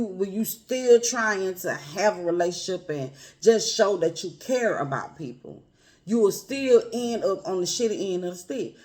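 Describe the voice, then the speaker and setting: A woman speaking earnestly and personally to her viewers, calling them y'all and family, with a quiet, emotional edge. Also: lowish voice. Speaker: vlogger. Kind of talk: heartfelt personal talk to camera.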